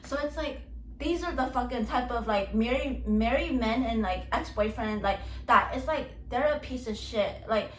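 A woman's voice: on the high side, normal speed, a bit bright, slight background noise. A young woman hosting a podcast, venting in a rambling, casual way, full of "like" and swearing, exasperated and repeating herself for emphasis. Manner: rambling, heavy use of "like" and "okay", swearing. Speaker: podcast host. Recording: roomy echo, distant from mic.

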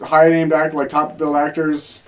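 A man's voice: fairly high pitch, completely flat delivery, normal speed. Wry questioning man in chat. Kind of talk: casual chat.

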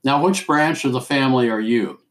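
A man's voice: medium pitch, normal speed, natural voice. A man doing a genteel old aunt. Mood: gentle. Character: elderly genteel aunt, gentle and proper.

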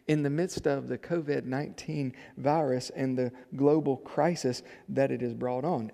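Emphatic preacher in a reverberant church. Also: male voice, medium pitch, gravelly. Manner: swings from soft to loud, emphatic. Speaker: pastor. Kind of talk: sermon.

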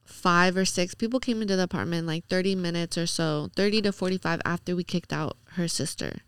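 A woman's voice: on the low side, a little fast, a bit bright, clear, resonant tone, no room sound. A young woman on a podcast, casually retelling a night out in a chatty way, acting out quoted lines and filling her talk with "like". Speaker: podcast guest. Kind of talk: casual storytelling.

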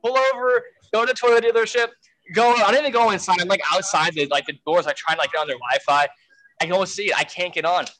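Man, guest telling a story, casual, frantic, fillers, somewhat high voice. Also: fast, low-quality recording. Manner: animated, frantic retelling with swearing and fillers.

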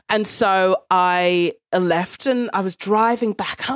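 A woman telling a personal story in a casual, blunt monologue. She swears freely and speaks with an animated delivery. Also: lowish voice, a little slow, no echo, studio quality.

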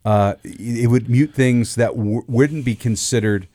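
Pastor dude thinking out loud, middle pitch, dry close sound. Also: male voice, measured pace, dry recording. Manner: thoughtful, restarts and stretches words while reasoning. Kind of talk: casual chat.

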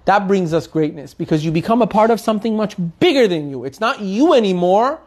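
A man's voice: high voice, fairly quick. A man giving a weekly Torah lesson, telling stories earnestly and asking his listeners rhetorical questions. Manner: animated storytelling with rhetorical questions. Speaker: Torah teacher.

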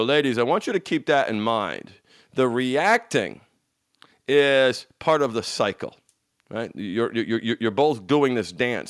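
A man coaching an audience in a motivational talk, emphatic and repetitive, swinging from loud bursts to hushed lines, with frank, salty language. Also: medium pitch, animated, a little slow, no room sound, clean studio sound. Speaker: addiction recovery coach.

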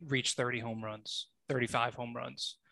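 A man's voice: medium pitch, little pitch movement, measured pace, creaky, bright, forceful tone. A man in a casual sports chat, arguing emphatically and citing stats. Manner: emphatic, stat-heavy arguing.

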